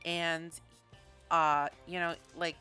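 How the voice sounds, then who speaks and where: Chatty woman with a bright voice. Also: on the low side, level tone, slow pace, faint music behind. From Canada. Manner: rambling, chatty, laughs often. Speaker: gaming streamer. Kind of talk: casual chat while building in a video game.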